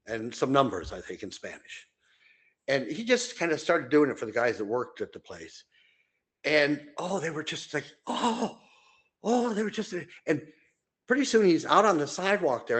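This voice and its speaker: An older man co-hosting a podcast, telling long rambling anecdotes full of fillers and restarts, and jumping into high voices when he quotes people. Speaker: podcast co-host. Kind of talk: casual storytelling chat.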